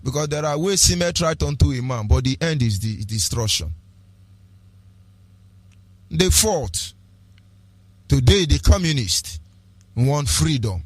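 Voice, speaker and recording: A man's voice: on the high side, lively intonation, slow pace, pauses often, no echo. A man with a Nigerian accent, delivering an impassioned, preachy political radio talk with repeated rhetorical phrases and lapses into pidgin. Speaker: radio broadcaster.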